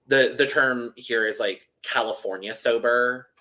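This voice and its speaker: A male podcast co-host rambles through a casual recap, full of "likes" and restarts. His mid-range voice comes at a measured pace, pushed and bright.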